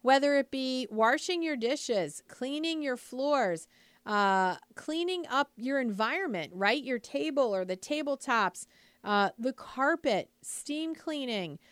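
A chatty woman with a high, smooth voice gives an upbeat motivational talk to moms. She talks casually, sprinkles in "like" and "you know", and keeps asking the listener questions. The sound is dry and close. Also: expressive, takes it slowly, fairly bright tone, no echo. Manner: asks the listener rhetorical questions. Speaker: lifestyle speaker addressing moms.

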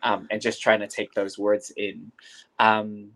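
A man's voice: lowish voice, level tone, a little slow, vocal fry, fairly bright tone, low-quality recording. A young man from New Zealand, a guest teacher talking casually in an interview, hesitant with many fillers and restarts.

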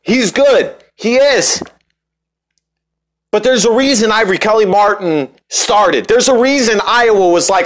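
A man's voice: high-pitched, measured pace. A young man hosting a casual sports podcast, rambling and joking with lots of restarts and fillers. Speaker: podcast host.

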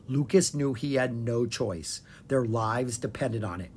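A narrator reading a children's chapter book aloud with expressive storytelling. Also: unhurried, few pauses, a little hiss or hum. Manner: expressive storytelling, dropping low on tags. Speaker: audiobook narrator.

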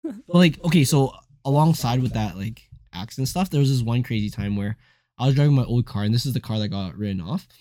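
A young man co-hosting a casual podcast chat, telling stories in an animated way, full of fillers and swearing freely. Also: mid-range voice, fairly quick. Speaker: co-host.

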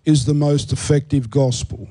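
Host, NY-man, slightly high but dark, mellow voice, earnest explainer. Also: fairly even intonation, moderate pace, low-quality recording. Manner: earnest teaching tone with fillers. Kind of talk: Christian talk show discussion.

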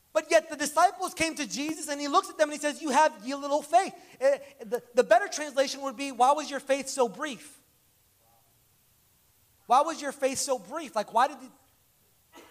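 A man preaching a conversational sermon, telling stories in an animated way and acting out the dialogue. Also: extremely high pitch.

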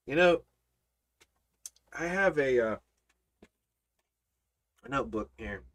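A Bible study teacher in casual teaching, emphatic, swinging from hushed remarks to loud rhetorical questions and repeating phrases for emphasis. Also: medium pitch, animated, takes it slowly.

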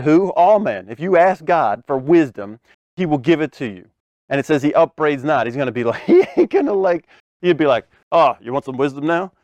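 A man's voice: on the high side, no echo. A man preaching a casual podcast sermon, reading scripture and explaining it in a loose, conversational way with frequent "right?" asides. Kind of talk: podcast sermon, Bible teaching.

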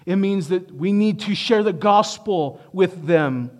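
Pastor guy preaching to his church, kinda high voice, pushes hard on big points then goes low and quiet. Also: unhurried. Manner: emphatic preaching, rising to stress points and dropping low for asides. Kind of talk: sermon.

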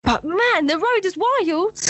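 A young woman, co-hosting a podcast, telling animated stories in casual chat. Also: slow, low-quality recording. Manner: animated storytelling, swings to high excited pitch. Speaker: podcast co-host.

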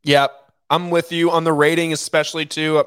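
A man's voice: fairly high pitch, normal speed, clean tone, no room sound. A man co-hosting a podcast, talking casually and enthusiastically about a favorite comedy. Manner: relaxed, enthusiastic, with laughs. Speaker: podcast co-host. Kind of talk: casual movie review chat.

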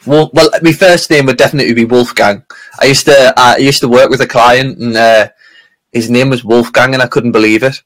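A man's voice: mid-range voice, steady tone, a little fast, a bit bright, poor audio. A man co-hosting a casual podcast, rambling and laughing often as he tells stories. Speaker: podcast co-host. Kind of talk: casual chat.

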